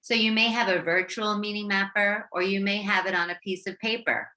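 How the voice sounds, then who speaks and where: A woman teacher with an American accent giving a slow, encouraging phonics lesson to young students, stretching out sounds and syllables. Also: mid-range voice, fairly even intonation, pushed and bright. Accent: American English. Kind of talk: slow, clear classroom instruction for young learners.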